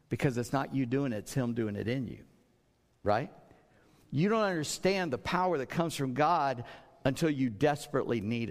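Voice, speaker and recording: Gravelly-voiced man preaching in a hall. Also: medium pitch. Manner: conversational, repeats words, acts out quoted speech. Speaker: pastor. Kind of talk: sermon. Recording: long hall reverb.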